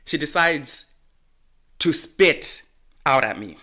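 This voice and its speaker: A young man co-hosting a casual podcast, telling a story in an animated, profane way. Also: on the high side, slow. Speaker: podcast co-host.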